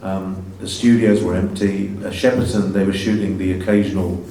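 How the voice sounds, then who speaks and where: A man's voice: sits low, level tone, normal speed, mellow, slight background noise. An English man in his sixties with a slightly Americanized accent, a guest actor telling stories with self-mocking humor in a stage Q&A. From England. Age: 60s. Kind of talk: stage Q&A conversation. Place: festival stage Q&A. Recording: roomy, distant mic, faint ambience.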